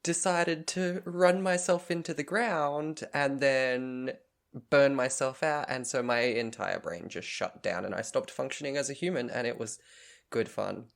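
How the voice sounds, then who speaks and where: A man's voice: medium pitch, measured pace, vocal fry. A man co-hosting a podcast in casual chat, dry and teasing, often laughing. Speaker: podcast co-host.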